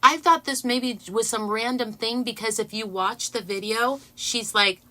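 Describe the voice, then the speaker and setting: Woman host, casual livestream chat, excitable and giggly, bright tone. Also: a little high, measured pace. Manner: excitable, laughing, talks to viewers. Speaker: channel host.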